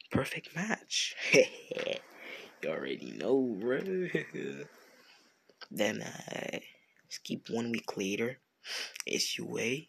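A man's voice: mid-range voice, vocal fry, pushed and bright, slightly rough. A man improvising a fan story off the top of his head, rambling and self-correcting with a slangy, casual manner. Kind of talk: improvised fan-fiction narration.

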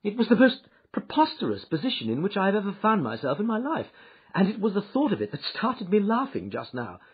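A man reading an audiobook, voicing a shrewd male detective who recounts his adventure with lively, wry storytelling, on a dull lo-fi recording. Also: high voice, a little fast, breathy edge, voice pushed up, full character voice. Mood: amused.

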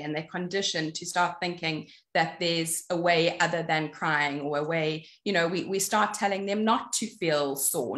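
Low-voiced woman in an echoey room. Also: a bit bright. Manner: earnest, explaining with examples. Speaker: panelist. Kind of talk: casual chat.

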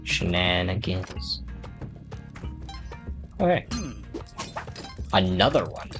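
With music in the background, a man plays a video game and casually rambles, poking fun at himself and addressing the characters. His low-pitched voice swings widely in pitch, and he draws out his words.

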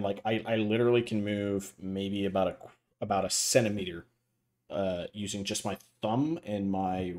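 Man, low voice, casual gaming podcast host, swears a lot, animated storyteller.

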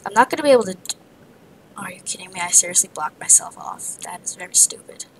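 A woman's voice: lowish voice, animated, quick pace, a little hiss or hum, poor audio. A woman narrating her own gameplay, muttering to herself in a half-whisper with frustrated outbursts. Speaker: gamer. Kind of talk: let's play commentary.

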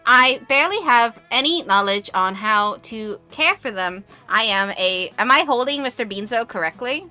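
A woman's voice: on the high side, normal speed, clean tone, soft background music. A woman voicing a polite, literal-minded robot neighbor who speaks formally and precisely. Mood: earnest. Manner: formal, precise, slightly flat.

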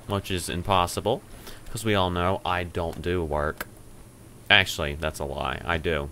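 A man giving casual let's-play commentary, excitable and rambling, with stammering restarts and sudden shrieks. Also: deep voice, measured pace, slight background noise. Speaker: gameplay commentator.

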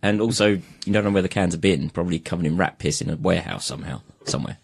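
Young English podcast co-host from Kent; low, husky, self-deprecating and giggly. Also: male voice, quick pace. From Kent, England. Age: young adult. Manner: laughs often, self-mocking banter. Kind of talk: casual chat.

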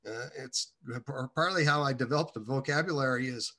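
Man, bright forceful tone, halting meandering testimony, casual storytelling. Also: mid-range voice. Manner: halting, meandering delivery with many restarts. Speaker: guest telling his faith testimony.

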